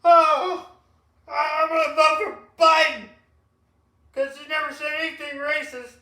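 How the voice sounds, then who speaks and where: A man mimicking a shrill, smug gullible voter. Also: little pitch movement, measured pace, pushed and bright, exaggerated voice. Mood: mocking. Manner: high mocking sing-song. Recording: echoey room, distant mic.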